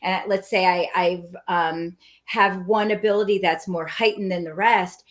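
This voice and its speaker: A woman's voice: lowish voice, fairly even intonation, measured pace. A woman speaking hesitantly and thoughtfully in a podcast panel conversation. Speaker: medium.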